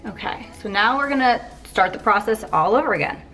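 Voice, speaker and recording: A young woman chatting casually through a hair tutorial, with filler words and quick asides. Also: medium pitch, lively intonation, sharp tone, faint music behind. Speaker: beauty vlogger.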